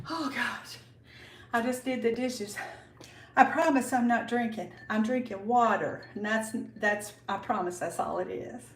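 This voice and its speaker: A woman's voice: a little high, slow pace, long pauses, echoey room, far from the mic. An older woman chatting casually with viewers on a livestream from her kitchen, greeting them by name, a bit out of breath. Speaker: livestream host. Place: kitchen at home.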